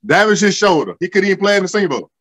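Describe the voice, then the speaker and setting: Animated man telling football stories. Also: high-pitched, very fast. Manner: animated, swearing, slangy storyteller. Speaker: guest, former football linebacker. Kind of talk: casual storytelling.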